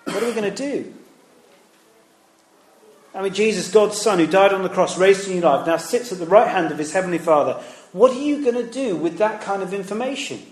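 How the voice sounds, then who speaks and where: A former teacher turned preacher delivers a storytelling sermon in a conversational style, with rhetorical questions and acted-out quoted voices. He has a high voice and speaks a little fast, and the room echoes.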